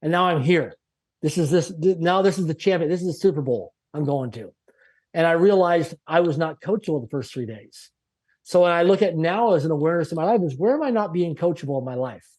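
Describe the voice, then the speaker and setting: Middle-aged man from Canada, emphatic motivational speaker, slightly higher voice, punchy delivery. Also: animated, a little fast, a little mellow. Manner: emphatic, punchy lists, acts out quoted dialogue. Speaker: guest. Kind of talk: energetic motivational storytelling.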